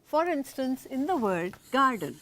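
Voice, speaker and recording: A woman teaching a recorded lesson in a deliberate, explanatory way. She asks the viewer questions and then answers them herself. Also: high voice, very animated, a bit bright, a little hiss or hum.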